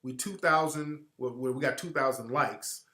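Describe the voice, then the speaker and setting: A man's voice: medium pitch, unhurried, bright, forceful tone, reverberant. A man hosting a livestream, talking in an emphatic, rhetorical way that is full of profanity. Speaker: livestream host. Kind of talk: livestream monologue.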